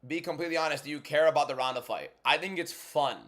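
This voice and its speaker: A man hosting a casual fight watchalong livestream, blunt and bantering as he answers chat, moving between a subdued inside voice and loud hyped delivery. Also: a little high, quick pace. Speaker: MMA content creator and livestream host.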